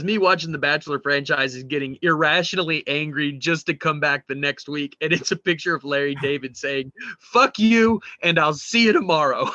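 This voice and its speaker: A man co-hosting a podcast, casually retelling a show and reading memes aloud, animated and swearing freely. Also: on the high side, dry recording, muffled recording. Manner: animated, swearing, mimics quoted people. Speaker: podcast co-host.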